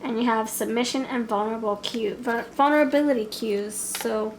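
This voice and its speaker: A woman's voice: fairly high pitch, steady tone, normal speed, slight background noise, poor audio. A woman giving a casual pick-a-card tarot reading, playful and chatty, laughing often as she talks. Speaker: tarot reader.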